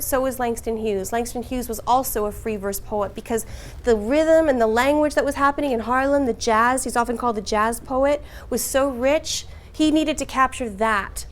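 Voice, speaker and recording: A woman teaching a class, speaking slowly and precisely in her teacher voice. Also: high voice.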